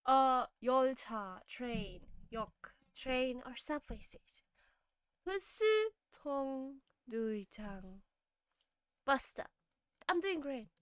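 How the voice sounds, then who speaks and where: Young woman, high and clear voice, tired casual streamer, chatty, mumbles asides, dry close mic. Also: a bit bright, no room sound. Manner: chatty, laughing often, drops to a mumble. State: tired, sleepy. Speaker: streamer learning Korean. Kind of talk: casual live-stream chat.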